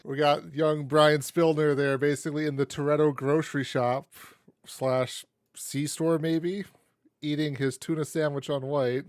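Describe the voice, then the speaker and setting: A man's voice: on the high side, little pitch movement, measured pace, dry recording, studio quality. A man co-hosting a podcast in a laid-back way, steering the chat back to the topic. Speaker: podcast co-host.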